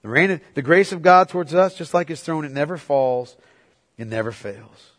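A man preaching a sermon as pastor, swinging between quiet, low reflection and loud, excited exhortation. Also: moderate pace. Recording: long hall reverb.

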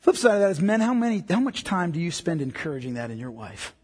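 Middle-aged pastor guy preaching, husky, voice jumps all over, big hall echo. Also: on the high side, big pitch swings, fast talker, a little mellow. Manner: joking asides with a congregation. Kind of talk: sermon. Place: church hall. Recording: long hall reverb.

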